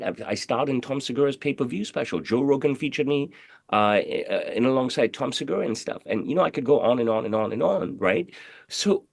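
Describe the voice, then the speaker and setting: Brash male interview guest, mid-pitched, cursing freely and stacking fillers; dry, close recording. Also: gravelly, breathy edge, dry recording. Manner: swaggering, profane, rambling with many repeated fillers. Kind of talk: casual interview talk.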